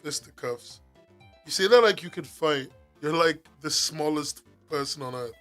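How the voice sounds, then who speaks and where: English dude yelling at his chat from home, kinda high voice, swears constantly, faint music in the back. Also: unhurried. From England. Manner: excitable, swears a lot, laughs often. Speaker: streamer. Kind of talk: casual live-stream chat with viewers.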